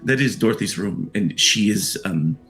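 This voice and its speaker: A man's voice: lowish voice, lively intonation, normal speed, a bit bright, faint music behind. A man voicing a flustered woman nurse who hurries and stammers.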